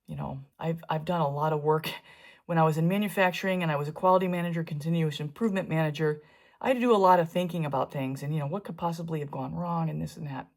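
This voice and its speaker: A woman's voice: sits low, fast. A middle-aged woman talking her way through a painting tutorial in a chatty, wandering way, with asides while she works. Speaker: fluid art painter teaching. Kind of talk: casual painting tutorial narration.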